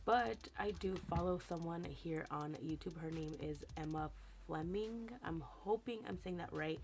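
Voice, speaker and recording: A young woman with a raspy morning voice, chatting casually through a makeup tutorial and correcting herself as she goes. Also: sits low, measured pace, darkish tone, slight background noise. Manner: chatty, rambling, self-correcting. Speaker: beauty vlogger.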